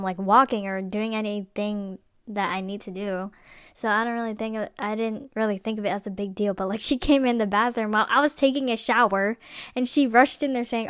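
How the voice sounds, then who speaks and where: A woman's voice: fairly high pitch, smooth, dry recording, clean studio sound. A young woman hosting a podcast, telling personal stories in a rambling, casual way with lots of fillers and restarts. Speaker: podcast host.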